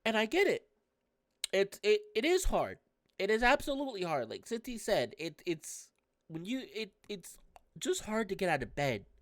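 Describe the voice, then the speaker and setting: A woman commenting candidly on a story game, talking in a halting, emotional way with many restarts. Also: mid-range voice, big pitch swings, dry recording, clean studio sound. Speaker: gamer playing a visual novel.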